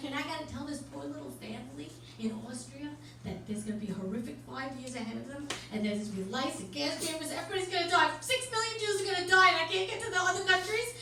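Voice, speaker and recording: A middle-aged woman doing a stand-up comedy set on a club stage, with a deadpan, brash and profane delivery. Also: high voice, fast. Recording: echoey club from far off with loud noise.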